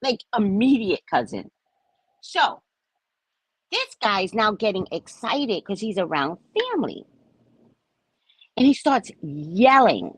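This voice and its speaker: Middle-aged female host, casual storyteller, pitch jumps high and low, slightly husky. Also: slow pace, pauses often, dry recording. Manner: animated, dramatic retelling with swings between loud and soft. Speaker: spiritual reader and show host.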